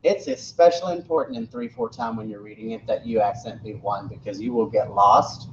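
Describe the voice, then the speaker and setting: A man's voice: on the low side, animated, brisk. A male music teacher giving a classroom lesson, counting beats aloud and explaining rhythm. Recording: echoey distant classroom recording, dull.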